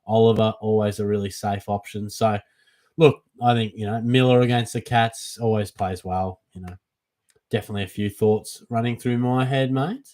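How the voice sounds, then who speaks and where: A young Australian man hosting a casual live Q&A for a fantasy football stream, chatty and relaxed, calling everyone mate. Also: lowish voice, normal speed. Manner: laid-back and chatty, calls everyone mate. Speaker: fantasy football livestream host. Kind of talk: casual live Q&A, reading chat questions.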